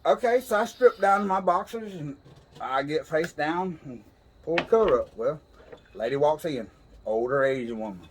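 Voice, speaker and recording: A man's voice: on the high side, lively intonation, moderate pace, background noise. A man casually telling a funny story on a podcast, laughing as he goes. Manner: laid-back drawl, laughs while telling. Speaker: podcast co-host. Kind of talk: casual storytelling over whiskey.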